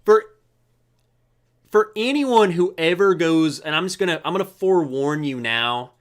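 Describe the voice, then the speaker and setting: Playful man hosting a slow, lively live chat. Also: fairly high pitch. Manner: playful, jokey, greets viewers by name. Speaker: livestream host. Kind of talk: casual live chat reading viewer comments.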